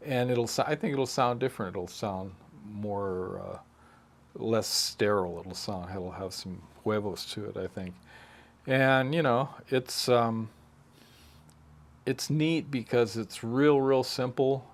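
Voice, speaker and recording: A man's voice: on the low side, slow, a little hiss or hum. A man, a harmonica player, telling recording-studio anecdotes in a casual interview, rambling with restarts and asides.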